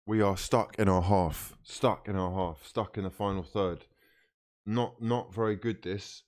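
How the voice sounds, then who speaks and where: A man reacting live to a football match as a fan streamer, frustrated and swearing, with bursts of shouting at the players. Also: low voice, fairly even intonation, measured pace.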